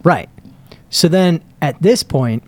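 A man co-hosting a casual podcast, talking excitably and enthusiastically, often trailing off mid-sentence as he hunts for words. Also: fairly high pitch, slow pace, dry recording. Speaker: podcast co-host reviewing cigars. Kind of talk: casual chat.

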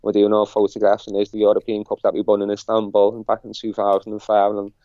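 A middle-aged man with a Liverpool accent tells a story in a casual interview. His voice is mellow and dark, and he rambles and repeats himself. The recording is dry and a little dull and lo-fi. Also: fairly low pitch, completely flat delivery, fast, dry recording. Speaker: interview guest. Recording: dull lo-fi sound.

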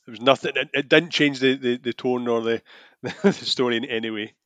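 A man's voice: medium pitch, fairly quick, fairly bright tone, no room sound. A man co-hosting a casual film podcast, enthusiastic and often stumbling over his words. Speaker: podcast co-host.

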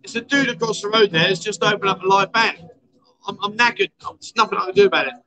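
Chatty guy hosting a bar livestream, high bright voice, cracking jokes at the viewers. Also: steady tone, fast, poor audio. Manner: joking, chatty, reads out viewer comments. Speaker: livestream chat show host. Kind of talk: casual livestream chat. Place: bar in a noisy city street at night.

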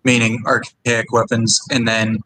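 A man's voice: medium pitch, completely flat delivery, unhurried, sharp tone, rough recording. Patient man guiding players, faint room hum. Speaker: game master. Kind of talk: explaining game rules.

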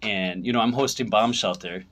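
A man co-hosting a casual chat, an animated storyteller who acts out what others said. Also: lowish voice, normal speed. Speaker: podcast co-host, comedy show host.

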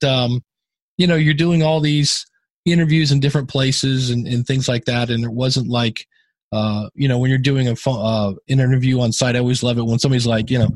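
A man's voice: medium pitch, no echo. A man co-hosting a podcast talks loosely and rambles, circling back with plenty of "you know" and "uh" as he sorts out his thoughts. His voice sits in an ordinary middle range and is recorded close and dry, with no room sound around it. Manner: rambling, many fillers and restarts. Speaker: podcast co-host giving feedback. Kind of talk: casual chat.

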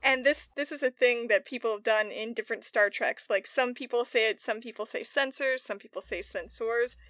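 Bright, dry-sounding young woman chatting. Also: a little high, dry recording. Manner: chatty, animated, quick to laugh. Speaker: podcast co-host. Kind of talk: casual chat recapping a TV episode.

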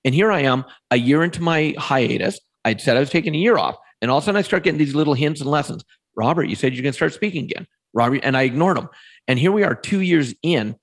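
Animated man telling a story. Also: fairly high pitch, fast talker. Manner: animated storyteller, acts out quoted voices. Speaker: guest. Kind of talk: storytelling in a podcast interview.

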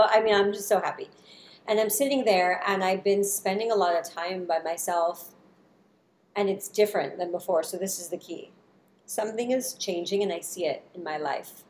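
A woman, a spiritual teacher and podcast host, talking in a casual reflective monologue that swings between loud bursts and soft murmurs, with casual swearing. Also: fairly low pitch, roomy sound, a little hiss or hum.

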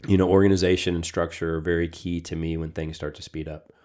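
A middle-aged man co-hosts a podcast in casual chat. His voice is very deep. He jokes at his own expense and often stammers into restarts. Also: little pitch movement, fast, a little mellow. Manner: joking, self-deprecating, stammering restarts. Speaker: podcast co-host.

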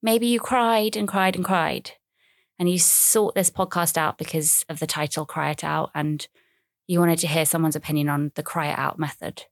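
A woman's voice: low voice, fairly even intonation, moderate pace, creaky, dry recording, studio quality. A woman, talking casually and at length on her own podcast, rambling with self-mocking asides. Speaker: podcast host. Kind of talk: casual solo podcast chat.

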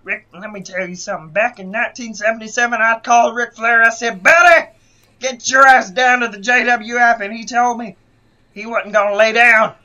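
A man voicing a crude, hot-tempered old wrestler who shouts and curses. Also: very high-pitched, moderate pace, lo-fi sound, exaggerated voice. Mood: angry. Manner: gruff, shouting, cursing.

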